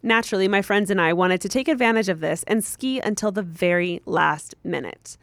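A young woman co-hosts a podcast in a relaxed, chatty way and laughs easily between lines. When she reads a listener's story, she keeps a steady pace. Her voice sits at a middle pitch and sounds dry and close to the mic. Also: fairly quick, dry recording. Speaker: podcast co-host. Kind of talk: casual chat and reading a listener story aloud.

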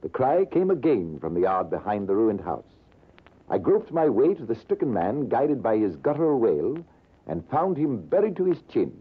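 Husky storytelling major. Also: male voice, mid-range voice, very animated. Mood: dramatic. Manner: dramatic, measured storytelling. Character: British army major spinning a tale. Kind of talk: 1940s radio acting. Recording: narrow lo-fi old radio broadcast.

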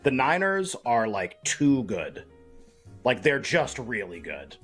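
Husky-voiced, rambling betting co-host man. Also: mid-range voice, very animated, takes it slowly, a bit bright, soft background music. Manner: rambling, self-deprecating, emphatic. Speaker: sports betting podcast co-host. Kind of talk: casual sports betting chat.

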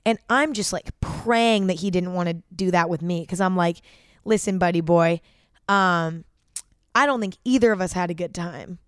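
A woman's voice: on the low side, normal speed, clean tone, no echo, studio quality. A young woman hosting a podcast and telling a personal story in a casual, chatty way, packed with fillers and frequent swearing. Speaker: podcast host.

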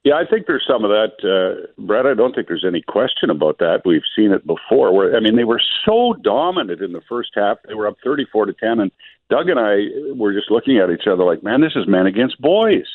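A man giving radio sports analysis in a measured, thoughtful way. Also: on the low side, sing-song, dry recording. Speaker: sports reporter. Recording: phone-line sound.

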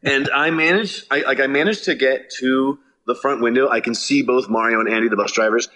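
A man casually telling a road story from a tour, animated and swearing, acting out his own shouts. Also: medium pitch, brisk. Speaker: touring musician.

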